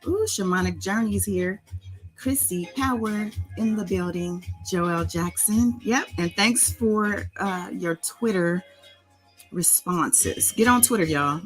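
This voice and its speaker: A woman's voice: mid-range voice, rough recording. A woman hosting a casual live stream in a sing-songy voice, greeting her chat members by name. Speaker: livestream host.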